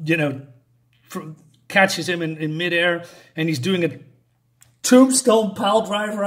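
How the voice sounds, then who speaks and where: A man talking through a comic book issue page by page in a casual, halting way, with many fillers and the odd chuckle. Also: on the high side, fairly bright tone.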